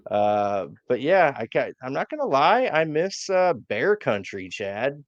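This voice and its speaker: A man's voice: mid-range voice, big pitch swings, measured pace, no echo, muffled recording. A man co-hosting a wrestling podcast, recapping matches in a hesitant way with lots of fillers. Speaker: podcast co-host.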